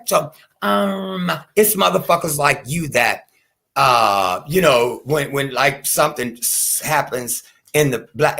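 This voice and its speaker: Gravelly-voiced man ranting on his stream. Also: medium pitch, sharp tone. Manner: heated, profane, addresses a critic directly; chatty asides to his audience. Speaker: small online creator hosting his own stream. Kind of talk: unscripted rant to viewers.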